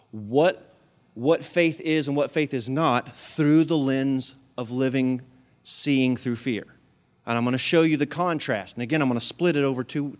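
A male pastor preaching a sermon to his congregation in an animated storytelling manner, with humor and acted-out voices. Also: medium pitch. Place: church service with a live congregation.

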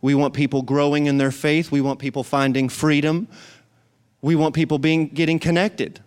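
A man's voice: fairly high pitch, level tone, normal speed, clear, resonant tone. A male pastor, preaching a sermon in a church. He repeats phrases for emphasis and calls the congregation to respond. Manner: preaching with rising emphasis and repetition. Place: church sanctuary.

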